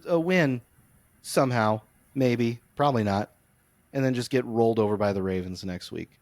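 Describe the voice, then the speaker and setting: A man co-hosting a podcast, telling long, animated, rambling stories in casual sports chat. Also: medium pitch, normal speed, no room sound. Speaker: podcast co-host. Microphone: close podcast mic.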